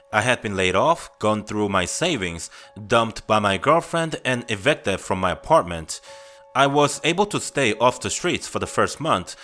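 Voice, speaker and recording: Low-voiced man narrating scary stories. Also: a bit bright. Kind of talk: scripted first-person story narration.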